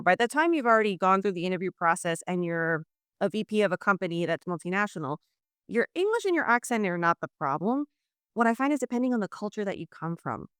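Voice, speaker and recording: Smooth-voiced coach woman from New Orleans. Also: mid-range voice, no echo, clean studio sound. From New Orleans, Louisiana, US South. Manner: explanatory, acts out quoted exchanges in lively voices. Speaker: leadership communication coach, guest. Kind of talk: conversational interview. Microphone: video call.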